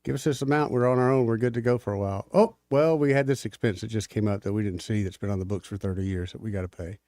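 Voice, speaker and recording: A man's voice: on the low side, fast, warm tone, no room sound, clean studio sound. A man co-hosting a talk radio show, giving blunt, opinionated takes in a casual chat. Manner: blunt, opinionated, laughs easily. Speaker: radio co-host. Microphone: studio microphone.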